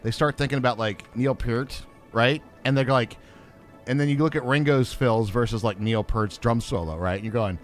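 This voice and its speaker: A man's voice: mid-range voice, normal speed, soft background music. A man co-hosting a gaming livestream, chatting casually in a rambling, jokey way. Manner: animated, rambling, jokey asides. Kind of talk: casual chat while playing.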